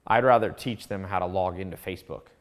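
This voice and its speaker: A man's voice: low voice, quick pace. Guy teaching his course, chatty storytelling vibe, lots of asides and restarts. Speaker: course instructor. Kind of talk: casual teaching monologue.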